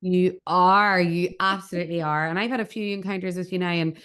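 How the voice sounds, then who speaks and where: A woman hosting a podcast, agreeing warmly and chatting about family. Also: fairly low pitch, steady tone, a little fast, clean tone. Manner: enthusiastic, agreeing, chatty with fillers like "like". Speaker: podcast host. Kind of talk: casual interview chat.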